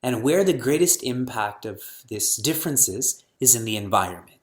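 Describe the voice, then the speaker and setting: A middle-aged man, a spiritual teacher, lecturing on scripture to an audience, firing rhetorical questions and chanting verses slowly. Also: mid-range voice, lively intonation.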